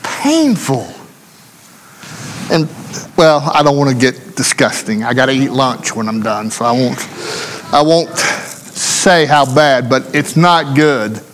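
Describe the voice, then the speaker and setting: A man's voice: mid-range voice, measured pace, a bit bright, slight background noise. A male preacher giving a sermon in earnest, repetitive rhetorical questions, speaking in a church. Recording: long hall reverb.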